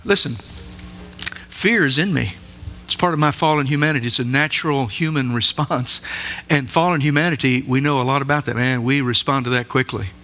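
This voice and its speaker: A man's voice: medium pitch, brisk, bright, forceful tone, faint music behind. A man preaching a sermon in a church, emphatic and full of rhetorical questions. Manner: emphatic, asks the listeners many rhetorical questions. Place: church sanctuary.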